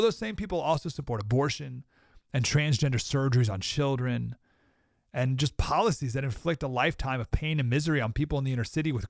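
A man's voice: fairly high pitch, dry recording, clean studio sound. A man hosting a podcast, giving an emphatic, sarcastic commentary monologue and mocking his opponents in put-on quotes. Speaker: podcast host.

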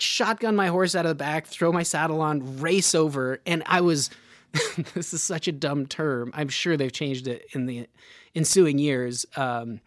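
A man on a podcast telling a story casually, laughing as he goes and jumping up high for the voices of people he quotes. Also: fairly bright tone, dry recording, clean studio sound. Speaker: podcast guest.

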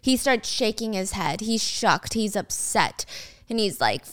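A young woman casually retelling a drama's plot to viewers, animated, with playful asides. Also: medium pitch, unhurried. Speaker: video host retelling a drama. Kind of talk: casual story recap.

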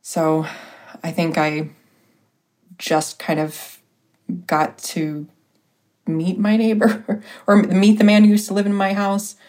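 A woman guest telling a personal story in a casual, hesitant way, pausing often with fillers. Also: mid-range voice, completely flat delivery, darkish tone. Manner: hesitant, full of pauses and fillers.

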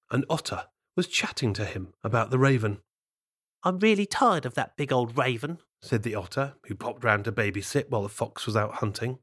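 A man tells a children's fable in a playful, expressive voice. His pitch moves a lot as he goes. He adds chatty asides to the listener. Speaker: storyteller. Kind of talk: storybook narration for children.

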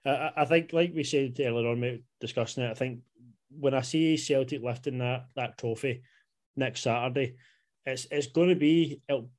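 Scottish man, podcast co-host, casual banter, mid pitch, swears, laid-back. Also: normal speed, a little mellow. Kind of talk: casual chat. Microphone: podcast microphone.

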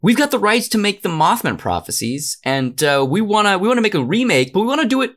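A man doing a pushy, high-voiced movie producer. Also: sing-song, quick pace, fairly bright tone, exaggerated voice. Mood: hyped. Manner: pushy, hyped-up sales pitch. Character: eager male film producer pitching a remake. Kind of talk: improvised comedy bit.

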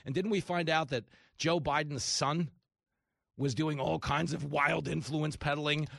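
A man's voice: fairly even intonation, a little slow, creaky, fairly bright tone, no room sound, clean studio sound. A man hosting a talk radio show, delivering an opinionated, sarcastic monologue and mocking his opponents. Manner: sarcastic, mocks opponents in shrill mimicking voices.

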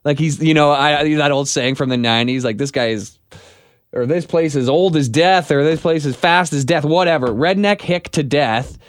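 A man's voice: a little high, brisk, no room sound, clean studio sound. A man co-hosting a talk show, telling a story in a wry, chatty way. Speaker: radio co-host. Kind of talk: casual chat.

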